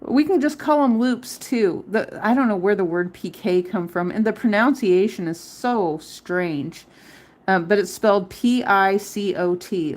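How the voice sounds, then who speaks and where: A woman's voice: mid-range voice, lively intonation, measured pace. A middle-aged woman hosting a live crochet tutorial, chatting casually and counting her stitches aloud. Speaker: crochet livestream host.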